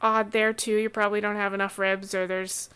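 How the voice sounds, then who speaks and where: Woman game master narrating a tabletop session; easygoing, stop-start delivery at a medium pitch. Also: clear, resonant tone. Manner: relaxed, halting narration with many restarts.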